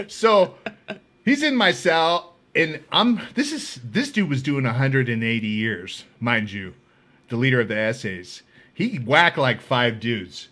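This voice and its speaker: A man hosting a podcast, casually telling a story, animated and profane, acting out the voices of people he quotes. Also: medium pitch, unhurried. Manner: animated, swears freely, acts out quoted voices. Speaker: podcast host.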